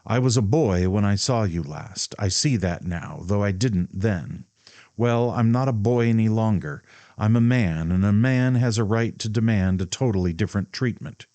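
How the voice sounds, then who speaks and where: A man's voice: on the low side, moderate pace, mellow, no echo, pitched above the performer's own voice, lightly acted. A man voicing a proud, hot-headed young man who speaks indignantly and demands answers.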